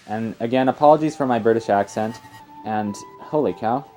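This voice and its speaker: A young man chats his way through a let's play, wandering off on tangents and scattering fillers as he goes. His voice sits a little low and mellow, and faint game music plays underneath. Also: normal speed. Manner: rambling and chatty, full of fillers and tangents. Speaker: let's player. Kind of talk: casual gameplay commentary.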